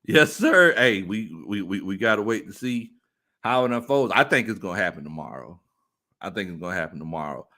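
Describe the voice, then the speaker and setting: A man hosting a casual sports talk stream, reading viewer comments aloud and laughing often. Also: brisk. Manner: animated, laughs often, jumps into high-pitched squeals. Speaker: sports talk show host.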